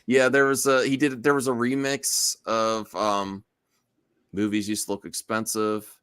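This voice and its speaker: A man's voice: on the low side, level tone, measured pace, a loud crowd. A man hosting a podcast in casual chat, rambling and restarting his sentences and laughing often. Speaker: podcast host.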